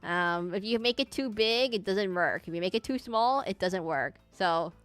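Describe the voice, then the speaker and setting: A woman's voice: medium pitch, lively intonation, moderate pace, fairly bright tone, clean tone, soft background music. A woman streamer chatting casually with her viewers while she draws, rambling and amused at herself. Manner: rambling, self-amused, talks to chat. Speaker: streamer drawing requests live. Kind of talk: casual live-stream chat while drawing.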